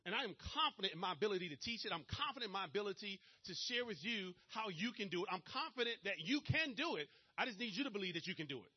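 A man with a Maryland accent giving a fast-talking, energetic motivational seminar talk straight to his audience. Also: sits high, husky, lo-fi sound. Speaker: motivational speaker at a business presentation.

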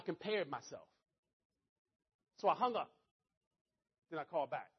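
A man giving a motivational speech to an audience, telling a story in an animated, conversational way. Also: fairly high pitch, measured pace, pauses often, husky, dull audio. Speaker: motivational speaker.

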